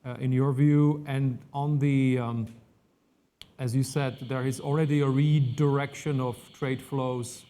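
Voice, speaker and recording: A man moderates a conference panel in a flat, even tone, politely putting follow-up questions to a guest. He hesitates often, filling his pauses with short sounds as he works toward each question. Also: mid-range voice, smooth.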